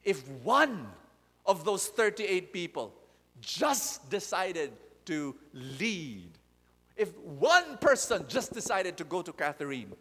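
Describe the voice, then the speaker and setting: Animated preacher in a reverberant hall. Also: male voice, mid-range voice. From Philippines. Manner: animated, repetitive, direct questions to the audience. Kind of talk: sermon. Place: large convention hall. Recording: long reverb of a large hall.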